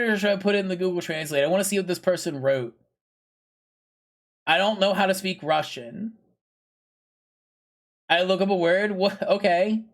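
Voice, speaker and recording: A man's voice: sits high, fairly bright tone. A man streaming a video game, chatting casually with viewers in a rambling way, full of fillers and playful plugs. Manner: pushy, playful plugging. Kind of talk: casual live-stream chat.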